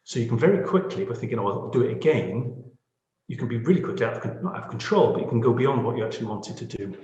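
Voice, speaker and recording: A man's voice: mid-range voice, very animated, rapid-fire, a little mellow, dull audio. Man, podcast tutor, self-deprecating, keeps asking "okay?"; roomy echo. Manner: chatty and self-deprecating, checks in with "okay?" and "yeah?". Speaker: podcast lead teaching audio editing. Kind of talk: screen-share editing tutorial. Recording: echoey room.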